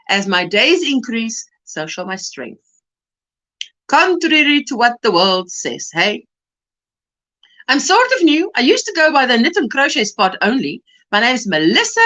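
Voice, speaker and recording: A woman's voice: sits high, fairly bright tone. A woman from South Africa hosting a casual livestream, reading viewer comments and weather reports aloud and greeting people by name. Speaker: livestream host.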